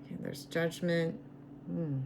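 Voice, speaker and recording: A woman reading tarot cards in a slow, musing way, her voice going raspy as she loses it. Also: lowish voice, level tone, noisy background. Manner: slow, musing, repeats herself. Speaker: tarot reader.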